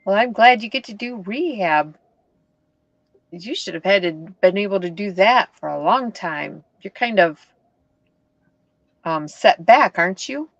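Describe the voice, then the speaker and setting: A woman chatting casually with a crochet host, making gentle, agreeable remarks. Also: mid-range voice, animated, unhurried, long pauses, no room sound. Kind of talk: casual chat. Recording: dull lo-fi livestream audio.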